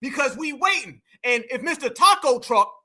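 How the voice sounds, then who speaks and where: A man's voice: very high voice, expressive, moderate pace, sharp tone. A man hosting a reaction commentary, mocking and taunting in slangy street talk. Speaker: commentary host.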